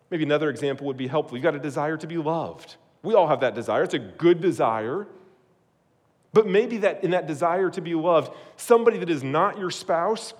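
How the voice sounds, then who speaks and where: A man preaching a sermon as pastor, animated, swinging from loud emphasis to hushed prayer. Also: on the high side. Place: church hall. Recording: preached in a hall with long reverb.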